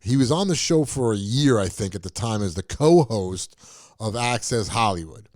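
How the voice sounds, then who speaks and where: A man's voice: fairly low pitch, animated, normal speed, a little mellow, no echo, studio quality. A male show host giving a blunt, profane, scoffing commentary monologue.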